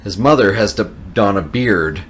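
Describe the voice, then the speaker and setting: A man's voice: fairly low pitch, animated, moderate pace, a bit bright, a little hiss or hum. A man in casual podcast chat, animatedly retelling a film scene and laughing at his own story.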